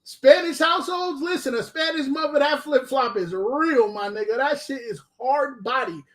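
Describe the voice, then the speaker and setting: A man with a New York accent, a guest artist on a live show, telling stories in a loud, animated and profane way. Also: very high voice, normal speed. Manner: animated, profane storytelling with shouted bits. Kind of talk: casual live show chat.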